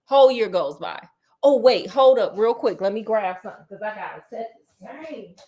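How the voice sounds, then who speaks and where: Speaking at medium pitch and a moderate pace, a woman gives a comic, slangy retelling of a classic tale, lively and talking straight to her listeners.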